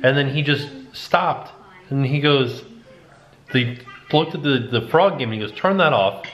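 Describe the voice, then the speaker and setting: A man co-hosting a home vlog, telling stories in a relaxed, casual way. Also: medium pitch, measured pace. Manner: relaxed storytelling with quoted asides. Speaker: vlog co-host and father. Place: family home. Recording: echoey home room.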